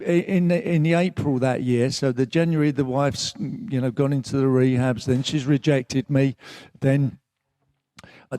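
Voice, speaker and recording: A man's voice: medium pitch, mellow, dry recording. An older man from England, a guest at a live event, telling his story in a candid, rambling way with swearing, emotional at times. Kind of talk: live stage conversation.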